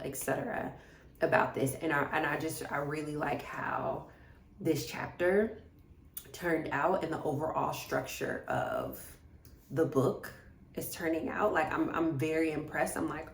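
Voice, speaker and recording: A woman's voice: low voice, darkish tone. A woman vlogging casually about her writing day, rambling and restarting her sentences. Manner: rambling, with repeated words and restarts. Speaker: self-published author vlogging her writing days. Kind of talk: casual talking-to-camera vlog. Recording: echoey room.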